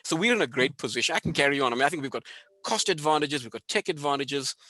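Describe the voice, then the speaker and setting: South African man on a video call, quick, eager, slightly high voice. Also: expressive, sharp tone, no echo. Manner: enthusiastic, listing points rapidly. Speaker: guest speaker. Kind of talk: webinar conversation.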